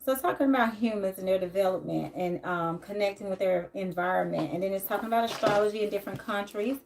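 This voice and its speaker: A woman's voice: medium pitch, fast, vocal fry, a little hiss or hum. Chatty woman tarot reader streaming live from home. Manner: chatty, greets viewers warmly by name; loose, rambling and down-to-earth, with many fillers. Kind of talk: casual live-stream chat. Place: home, near a closet.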